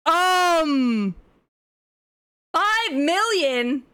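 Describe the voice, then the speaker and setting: A woman's voice: very high voice, animated, drawn-out words, bright, forceful tone. A woman streaming gameplay, chatting casually with frequent swearing and joking asides.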